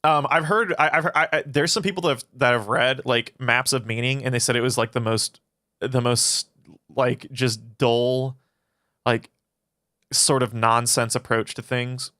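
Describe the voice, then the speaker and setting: Profane rambling male streamer, bright crisp voice. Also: mid-range voice, fairly even intonation, unhurried, no room sound, clean studio sound. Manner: profane, rambling, answers chat questions. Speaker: philosophy channel streamer. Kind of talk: casual livestream Q&A.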